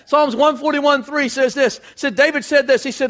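A man's voice: extremely high pitch, normal speed, hardly any pauses, a bit bright. A man preaching a folksy sermon, acting out little scenes in different voices.

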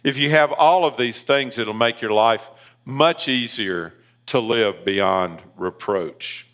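A man with a Southern accent preaching a sermon as pastor, emphatic and rising in pitch on key points, in a church. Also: fairly bright tone.

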